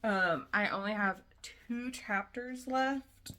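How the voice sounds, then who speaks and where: A woman's voice: mid-range voice, slow, a bit bright. A young woman vlogging about her day in a rambling, chatty way, with lots of fillers and restarts. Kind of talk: casual vlog chat.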